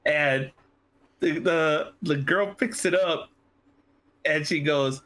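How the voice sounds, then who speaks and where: A man with a high, bright voice chats on a casual podcast. He tells funny stories and acts out the voices of the people in them. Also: slow pace, long pauses. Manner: animated, acts out quoted voices while telling stories. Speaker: podcast co-host. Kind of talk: casual chat, storytelling.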